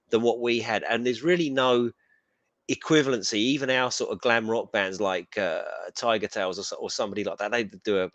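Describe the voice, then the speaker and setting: A man's voice: fairly low pitch, fairly bright tone, no echo. A middle-aged man co-hosting a live stream, chatting in a rambling, casual way. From England. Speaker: co-host.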